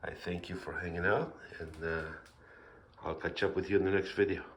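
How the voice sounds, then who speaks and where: A man hosting a woodturning channel, talking through his project in a relaxed, rambling voice-over with fillers. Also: low voice, normal speed, breathy edge. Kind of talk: casual voice-over narration.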